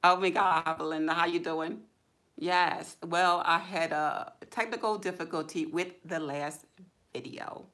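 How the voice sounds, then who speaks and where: A woman hosting a casual YouTube livestream, chatting informally and greeting viewers by name with excited exclamations. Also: on the low side, a little slow. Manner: relaxed, drawling, informal speech.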